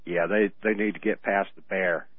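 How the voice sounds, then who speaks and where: A man's voice: low-pitched, fairly even intonation, no echo. Rambling man on tinny radio audio. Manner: rambling storyteller, halting restarts, laughs often. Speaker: radio co-host. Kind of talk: casual radio chat.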